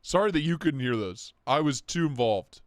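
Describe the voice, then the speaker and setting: A man's voice: medium pitch, animated, moderate pace, dry recording, studio quality. A man hosting a casual livestream, joking crudely, laughing a lot and reading out donations. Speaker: livestream host.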